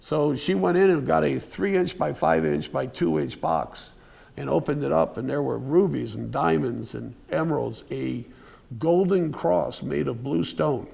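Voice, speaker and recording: A man giving a casual, unscripted museum lecture, telling a story in a folksy way with fillers and restarts and now and then clearing his throat. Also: fairly high pitch, unhurried, darkish tone. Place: museum presentation room.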